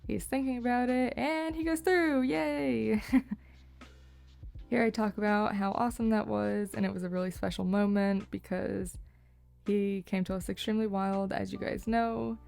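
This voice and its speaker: A young woman narrating her horse vlog as a voice-over, cheerful and quick to laugh. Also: medium pitch, level tone, creaky, darkish tone, no room sound, faint music behind. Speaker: horse owner, vlogger.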